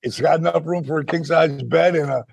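A man in his sixties co-hosting a podcast in casual chat, animated and quick to laugh. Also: on the high side, gravelly, slightly rough, no echo. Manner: animated storyteller, laughs often. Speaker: podcast co-host.

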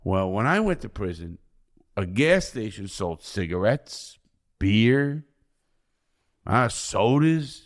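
A middle-aged man from the United States, a podcast guest telling blunt, profane stories that swing between loud outbursts and quiet low asides. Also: very animated, slow pace, pauses often. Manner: profane, blunt, swears constantly. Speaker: podcast guest, ex-convict speaker. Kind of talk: candid storytelling in conversation.

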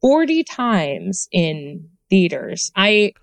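Thirties woman guest, animated and giggly, pitch swinging all over, dry close mic. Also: drawn-out words, no echo. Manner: animated, laughing, many fillers. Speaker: podcast guest. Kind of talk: casual chat.

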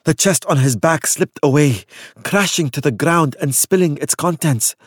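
A man narrating a dark story in a measured, dramatic audiobook style. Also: on the high side, no room sound, clean studio sound.

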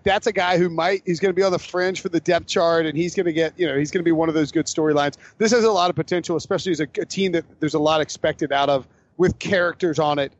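A man with a notably high voice chatting loosely on a sports podcast. He rambles, jokes and restarts his sentences often. The sound is dry and a little muffled. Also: dry recording. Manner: rambling, self-correcting, jokey. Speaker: podcast host. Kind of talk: casual sports podcast chat.

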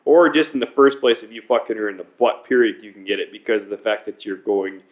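A man's voice: fairly low pitch, fast. A man in crude casual banter, profane and rambling, often restarting and repeating himself. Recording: dull lo-fi recording.

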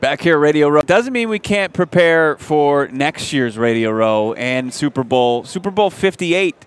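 A man's voice: fairly high pitch, lively intonation, moderate pace, clear, resonant tone. Brief: male co-host, casual sports show, upbeat and playful. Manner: upbeat, playful ad-read delivery. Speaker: podcast co-host. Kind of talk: casual sports podcast chat with live ad read.

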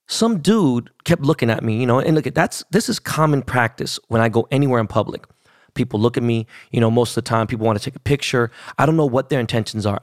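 A man's voice: medium pitch, gravelly, dry recording, clean studio sound. A man, hosting a podcast and telling a story in a casual, profane, slangy rant. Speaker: podcast host.

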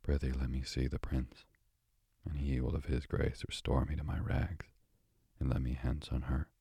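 Storybook reading: a pleading pauper boy, read by a man in a very low, gravelly voice. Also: level tone, normal speed, dark tone, dry recording, clean studio sound, heavily acted. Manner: pleading, archaic speech. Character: frightened pauper boy in royal clothes.

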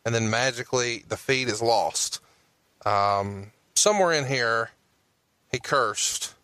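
A man's voice: mid-range voice, takes it slowly, sharp tone, no echo. A man hosting a podcast, walking through a recap of events with occasional profane outbursts. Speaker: podcast host.

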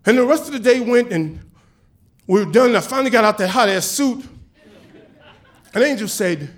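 A man telling a personal story on stage, animated and casual, acting out the dialogue. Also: high-pitched, moderate pace, pauses often. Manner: animated, acts out dialogue with voices; casual, chatty with swearing.

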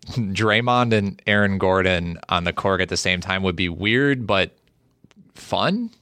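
Deep-voiced guy w a sharp edge, talking hoops trades, dry close mic. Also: a little slow, clean tone, dry recording. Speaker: podcast co-host. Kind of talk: casual basketball trade talk.

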